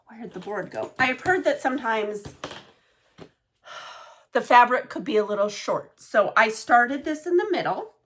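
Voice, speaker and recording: This woman's fairly high, slightly bright voice carries a rambling show-and-tell about her cross-stitch work. She chats casually, dropping in plenty of fillers and asides.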